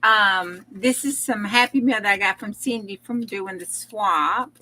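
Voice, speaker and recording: A woman's voice: mid-range voice, unhurried, sharp tone, a little hiss or hum. A woman hosting a casual crafting live stream, effusive and chatty, laughing often and close to tears.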